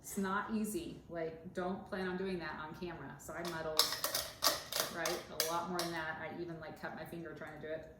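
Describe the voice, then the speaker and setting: A woman's voice: deep voice, little pitch movement, brisk. Woman co-host, casual and giggly, rambling talk; echoey, noisy recording. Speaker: podcast co-host, dentist. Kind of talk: casual chat while mixing a cocktail. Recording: echoey room with background noise.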